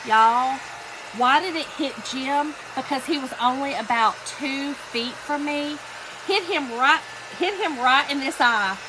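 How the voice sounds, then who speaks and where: A woman's voice: high-pitched, background noise. A woman, hosting a casual craft livestream, telling a story and greeting viewers by name. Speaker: livestream host. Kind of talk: casual livestream chat while painting.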